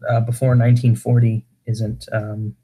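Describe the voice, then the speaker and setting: Streamer man, middle-pitched voice, casual chat, reads aloud and corrects himself often. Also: level tone, normal speed, dark tone, slightly rough. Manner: stumbling, self-correcting reading. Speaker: livestream host. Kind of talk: casual livestream chat and poem reading.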